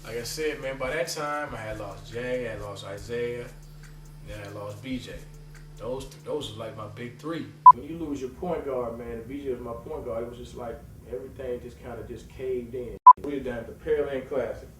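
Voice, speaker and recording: Male coach, storytelling interview, animated, acts out dialogue; roomy, slightly distant, music bed. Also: mid-range voice, normal speed, heavy background noise. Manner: animated storytelling, acting out quoted voices. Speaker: youth basketball coach. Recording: echoey room, slightly distant mic, music behind.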